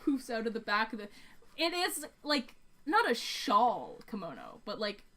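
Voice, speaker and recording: A woman's voice: on the high side, wildly swooping pitch, measured pace, pushed and bright. A woman narrating a tabletop game as game master, casual and rambling with many fillers.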